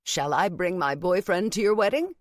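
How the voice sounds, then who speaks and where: A woman voicing an affectionate, gently teasing grandmother over sixty. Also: lowish voice, expressive, normal speed, no echo, studio quality, natural voice. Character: warm, mischievous old grandmother.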